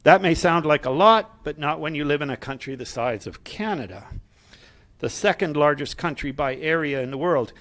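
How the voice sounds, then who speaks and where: A middle-aged man reads a prepared speech to a live audience in an earnest tone. He slips in quick asides and light humor for the room. His voice sits a little higher than most men's. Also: expressive, a bit bright. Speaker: speaker at a political gathering.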